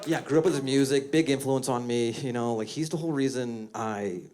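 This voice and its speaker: A man's voice: medium pitch, fairly quick, noisy background. A man doing stand-up on stage before a live audience, talking in a conversational, self-mocking way with punchy jokes. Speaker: stand-up comedian. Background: audience laughter.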